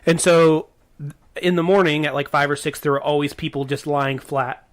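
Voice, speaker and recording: This man from the Portland area of the US co-hosts a casual podcast, with a fairly high voice, fairly even intonation and a moderate pace. He tells stories in a rambling, hesitant way, full of ums and restarts.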